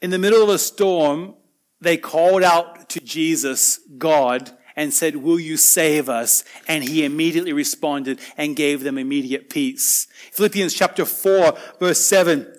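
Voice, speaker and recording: A man with a high voice preaching a sermon. He talks earnestly and conversationally, moving from loud, emphatic lines down to soft, quiet asides. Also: a little slow.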